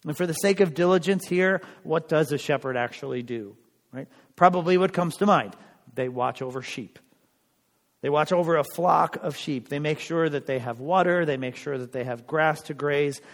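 A male pastor preaching a sermon in a church, earnest and conversational, with emphatic pauses. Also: on the high side, big-room sound.

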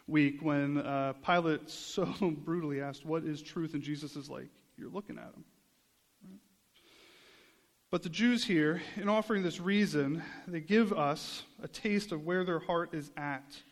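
Guy preaching a sermon, kinda high voice, earnest and chatty, big echoey church sound. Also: moderate pace. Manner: earnest, conversational preaching with rhetorical "right?". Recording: long hall reverb.

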